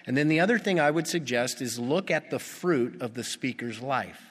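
A male pastor preaching a sermon, animated and putting rhetorical questions to his congregation. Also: medium pitch, normal speed, hardly any pauses. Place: church. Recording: long reverb of a church hall.

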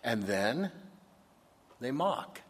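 A man preaching a sermon with energy, his voice sitting in a middle pitch. He sometimes slips into whiny complaining voices to make a point. The sound carries a long reverb, as if recorded in a large hall. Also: very slow, slightly rough. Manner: animated, acts out complaining voices. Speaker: pastor.

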